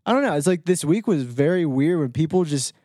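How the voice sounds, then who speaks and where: A man co-hosting a relaxed podcast chat, his slightly high voice wandering through thoughts full of "um" and "like." The recording is dry and close. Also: no echo. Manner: rambling, halting with many fillers and restarts. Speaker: podcast co-host. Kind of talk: casual chat.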